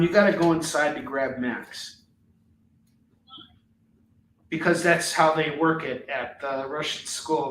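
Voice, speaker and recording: A man's voice: a little high, fairly bright tone, slight background noise. A middle-aged man hosting a live comic book sales stream at home, joking and chatting off the cuff. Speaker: host and comic book seller. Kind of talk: live shopping stream chat. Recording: roomy echo, a little far from the mic.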